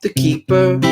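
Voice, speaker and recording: A middle-aged man hosting a live stream, chatting casually and rambling to viewers in a folksy way between songs. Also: high-pitched. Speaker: live stream host and guitar player.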